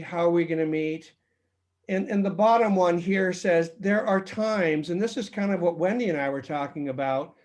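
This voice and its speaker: A man's voice: a little high, darkish tone. A middle-aged man teaching a seminar on conflict in a conversational way, acting out short sample dialogues. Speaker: seminar presenter, mediator.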